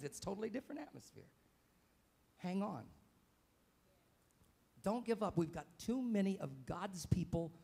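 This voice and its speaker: A pastor preaching live in a church, his voice gravelly and a little husky, set fairly high for a man. He swings widely in pitch and loudness and acts out scenes with sudden outbursts, a dramatic, vocal way of speaking. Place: church sanctuary, live service.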